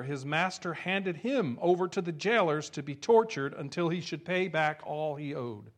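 A man's voice: a little high, a bit bright. A male pastor reading scripture and preaching in a conversational way with rhetorical asides. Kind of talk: sermon.

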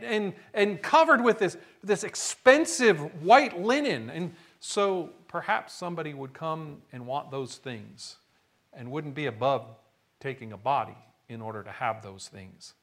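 A man's voice: high voice, sharp tone. A man preaching a sermon, retelling a story dramatically and acting out the quotes. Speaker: pastor.

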